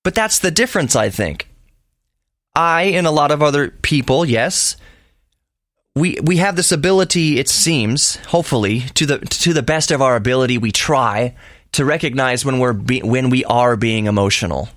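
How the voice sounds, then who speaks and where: A man's voice: medium pitch, expressive, normal speed, fairly bright tone, no room sound. Emphatic lecturing man, dry sound. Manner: emphatic, lecturing, with frequent restarts. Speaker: podcast host. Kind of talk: solo opinion monologue.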